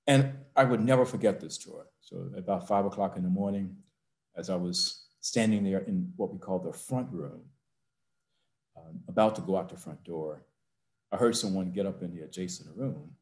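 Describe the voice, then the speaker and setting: On a video call from his office, an older man who heads a university relates a heartfelt personal story in a low, darkish voice. His delivery is slow and emotional before rising to rousing emphasis.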